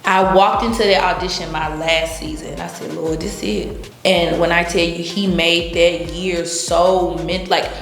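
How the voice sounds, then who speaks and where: Brief: lively woman guest, storytelling, roomy echo, faint music behind. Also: lowish voice, measured pace, vocal fry, few pauses. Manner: animated, acts out quotes, laughs often. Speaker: interview guest. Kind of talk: casual storytelling.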